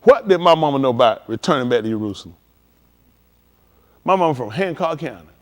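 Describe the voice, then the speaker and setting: A man preaching a live-streamed sermon in loose, slangy street talk, animated and emphatic. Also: mid-range voice, brisk.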